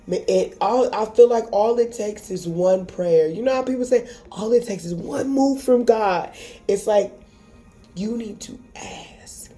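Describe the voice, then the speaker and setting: A woman's voice: medium pitch, dark tone. A woman giving a casual tarot reading to camera, emotional and encouraging, swearing freely. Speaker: tarot reader.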